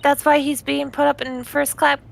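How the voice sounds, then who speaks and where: A woman's voice: high-pitched, little pitch movement, normal speed, vocal fry, a little hiss or hum. A woman voicing a polite, formal young female assistant, reading courteously as a fan voice-over of a game.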